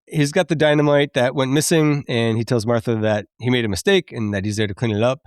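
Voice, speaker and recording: A man in his thirties hosting a podcast, chatty and quick to laugh as he recaps a film and admits it moves him. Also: medium pitch, fairly even intonation, clear, resonant tone, no room sound, studio quality. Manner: chatty, laughs often, openly emotional. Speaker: podcast host.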